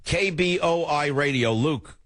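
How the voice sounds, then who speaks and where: A little slow and with no room sound, an older man's voice carries a political talk radio monologue from the studio mic. He's emotional and emphatic, moving back and forth between loud and low.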